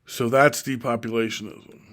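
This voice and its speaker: A middle-aged man from Oregon giving a slow, deliberate, repetitive solo monologue about his political views. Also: mid-range voice, fairly even intonation, a bit bright. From Oregon, USA. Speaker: self-styled presidential candidate.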